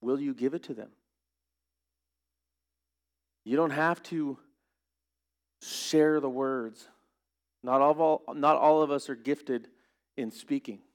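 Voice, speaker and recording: A man's voice: mid-range voice, slow pace, long pauses. A man preaching a sermon as pastor, earnest and rising to emphatic questions.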